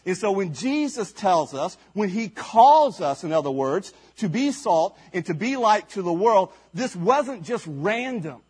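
A male pastor delivering a sermon, his fairly high voice rising and falling in wide, animated swings. His tone is husky and breathy, and he takes his time, pressing each point with emphasis and rhetorical questions. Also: a little slow, few pauses. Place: church service.

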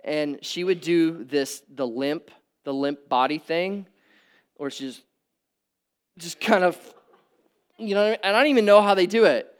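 Man preaching, smooth tenor. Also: a little high, a little slow, long pauses. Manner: conversational preaching, rising to emphatic peaks and dropping to quiet asides. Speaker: pastor. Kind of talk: sermon. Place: church hall with audience.

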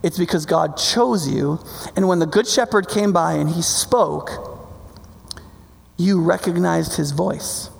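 Male pastor, casual animated sermon delivery, gravelly tone, long hall reverb. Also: a little high, takes it slowly. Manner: conversational, animated preaching with frequent "right?".

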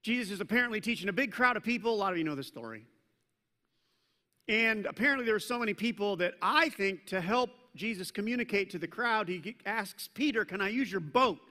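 A man preaching a sermon as pastor, animated in his storytelling, acting out scripture voices, and dropping self-deprecating asides. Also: sits high, a little fast, long reverb tail.

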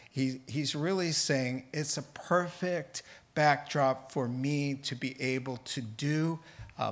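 A man's voice: medium pitch, a bit bright. A man preaching a Bible sermon in a conversational way, with joking asides. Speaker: pastor.

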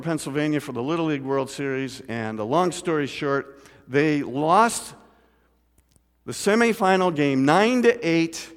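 A middle-aged man preaching a sermon as pastor, telling a story and asking the congregation questions. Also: on the high side. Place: church sanctuary. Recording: church hall with long reverb.

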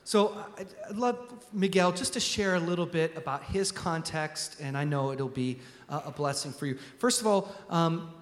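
A man's voice: fairly high pitch, normal speed, few pauses. A man hosting a church service, speaking from the pulpit with many ums and restarts. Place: large church sanctuary. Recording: echoey church hall.

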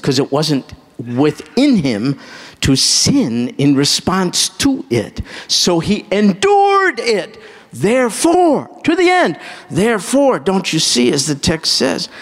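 A man preaching a live sermon to a congregation, emphatic, asking them direct questions and breaking into sudden high exclamations. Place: church hall with a congregation. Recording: reverberant hall sound.

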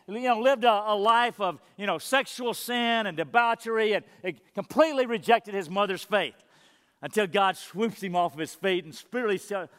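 A man's voice: high voice, fairly bright tone, big-room sound. A man preaching a sermon to his church, earnest and emphatic, repeating phrases for weight. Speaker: pastor.

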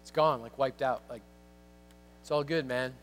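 A man voicing a relaxed young male phone clerk who talks in an unbothered surfer-dude drawl. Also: medium pitch, a little slow, faint music behind, pitched below the performer's own voice, lightly acted. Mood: laid-back.

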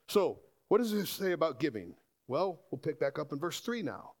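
A man preaching a sermon to a congregation, animated and asking rhetorical questions. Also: on the high side, moderate pace. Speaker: pastor.

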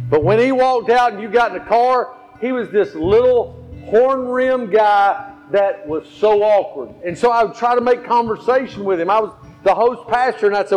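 A male pastor with a high, slightly mellow voice delivers a story-driven sermon, repeating phrases to make his points land. Behind him a faint guitar plays, and the recording sounds slightly dull.

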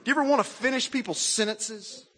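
Animated preacher in an echoey hall. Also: male voice, very high-pitched, quick pace. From Arkansas. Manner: animated, self-mocking, rhetorical questions. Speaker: pastor. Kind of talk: sermon.

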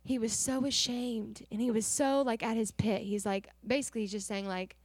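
A young adult woman giving an earnest, animated personal testimony to a church congregation, acting out the dialogue as she tells it. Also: on the high side, moderate pace, no room sound. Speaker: missionary sharing testimony.

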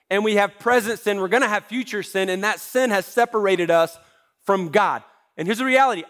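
A man's voice: on the high side, a bit bright. A man preaching a sermon as pastor, talking in a conversational way with self-deprecating humor.

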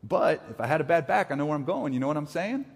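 A middle-aged man preaching a sermon in a conversational, animated way, acting out short quotes as he teaches. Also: a little high, fast talker, long reverb tail. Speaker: pastor.

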